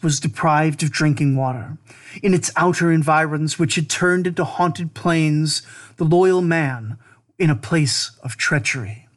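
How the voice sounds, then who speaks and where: Brief: male narrator, slightly higher voice, grave and deliberate recitation of an ancient lament.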